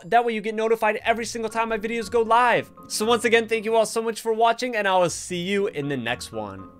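A man giving live gameplay commentary as a gaming creator, excitable and talking to the game's characters and to his viewers. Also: high voice, fast, hardly any pauses, clean tone, soft background music. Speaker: gaming YouTuber.

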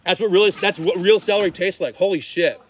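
A man's voice: high voice, fast talker. A man hosting a casual gardening vlog, joking and swearing as he talks to his viewers. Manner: joking, swears, addresses chat. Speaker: vlog host. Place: home garden outdoors. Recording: outdoor noise, crickets and birds. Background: crickets and birds.

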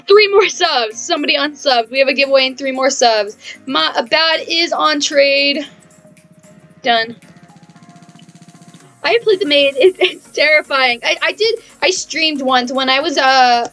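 A woman live-streaming a game in casual chat, bubbly and chatty, reading messages aloud and thanking viewers with excited squeals. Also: high voice, normal speed, soft background music.

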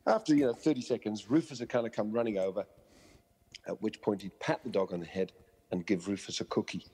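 A lowish, slightly rough male voice comes through fairly quickly with a big-room sound. He is a dog trainer being interviewed for a podcast, telling animated stories and acting out quoted voices of people and dogs.

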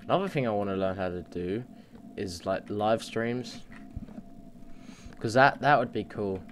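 A man's voice: on the low side, expressive, measured pace, slight background noise. A man giving casual, rambling let's play commentary on a computer mic, talking to himself and swearing freely. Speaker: gaming channel host.

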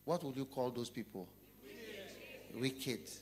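A man preaching a sermon, telling a story and putting questions to his listeners, often dropping low and quiet. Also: lively intonation, slow, background noise.

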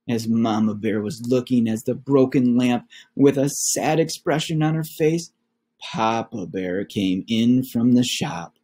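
Slow, expressive storybook reader, a man. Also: mid-range voice, husky. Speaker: children's book reader. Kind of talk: storybook read-aloud.

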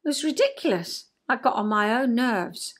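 An older woman chatting at home to her viewers, her voice sitting a touch high. She tells stories expressively and homely, slipping into lively dialogue. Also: normal speed. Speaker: host. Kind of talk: casual chat.

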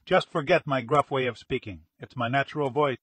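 A gruff, commanding police inspector, middle-aged and brisk, as an audiobook reader puts him on. The voice is husky and a little breathy, and it sits close in a dry, deadened space. He barks his orders in short bursts. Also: medium pitch, a bit bright, no room sound. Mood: reassuring. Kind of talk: audiobook character reading.

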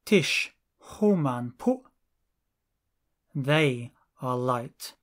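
A language teacher reading lesson drills, saying each phrase slowly and deliberately, one at a time. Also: mid-range voice, lively intonation.

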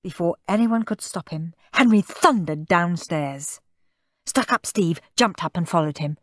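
A woman narrating a children's audiobook in an expressive, animated way. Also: fairly low pitch, a little slow, no room sound, clean studio sound. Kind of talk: audiobook storytelling.

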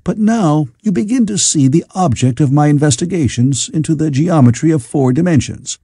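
A man reading as a calm Victorian inventor. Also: on the high side, normal speed, slightly rough, no echo, studio quality, pitched above the performer's own voice. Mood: patient.

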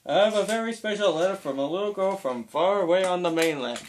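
A man's voice: high voice, animated, fast, slight background noise, voice pushed up. A man voicing a stern railway boss who gives orders and makes announcements. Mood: commanding. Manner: commanding, announcing.

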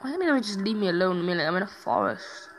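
A young man hosting a horror game let's-play, rambling and swearing heavily and often startled into loud yelps. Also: high voice, very animated, fast, slight background noise, rough recording. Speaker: gaming channel host.

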